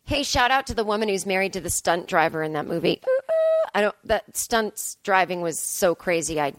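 A woman comedian in her thirties talking in a hotel room, rambling and self-deprecating as she hosts a casual solo podcast, jumping into high excited voices when she quotes herself. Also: fairly quick, dry recording.

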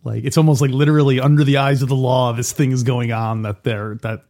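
A man's voice: medium pitch, flat delivery, brisk, a little mellow. A man hosting a casual podcast, thinking aloud with restarts and chuckles. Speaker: podcast host. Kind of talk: casual chat.

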